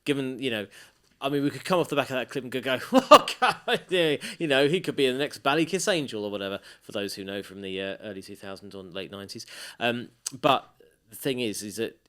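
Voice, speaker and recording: A male podcast co-host chatting casually and enthusiastically about audiobooks. He rambles and circles back on his thoughts. His voice is smooth and resonant. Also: on the low side, fast, fairly bright tone. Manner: rambling, enthusiastic, many restarts. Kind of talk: casual chat.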